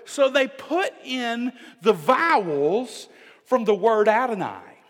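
High-voiced male preacher in a hall. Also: lively intonation, slow pace, fairly bright tone. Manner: emphatic, with direct questions to the congregation. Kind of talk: sermon. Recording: long reverb of a large hall.

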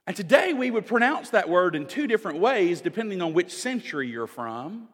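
A man's voice: sits high, sing-song, fairly quick, fairly bright tone. A man preaching a sermon with emphasis, often turning to the congregation with direct questions. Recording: long reverb of a large hall.

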